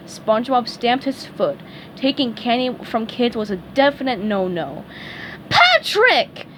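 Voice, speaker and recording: A woman reading a cartoon fan story aloud, slowly and carefully, with the odd stumble. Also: on the high side, a little hiss or hum, rough recording. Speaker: fan fiction reader. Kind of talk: storybook read-aloud narration.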